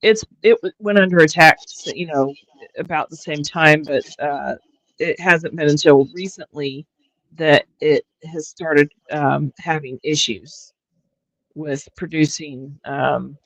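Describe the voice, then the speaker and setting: A woman hosting a livestream, chatting casually in a halting way with frequent restarts and fillers. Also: sits low, fairly even intonation, dry recording, rough recording. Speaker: livestream host. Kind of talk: casual chat.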